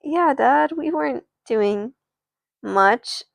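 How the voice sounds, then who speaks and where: Woman doing a big sister, protective, soothing, slow, dry close sound. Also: sits high, animated, gravelly, dry recording, pitched above the performer's own voice, heavily acted. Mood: defiant. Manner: brave, soothing. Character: protective older sister, teen girl.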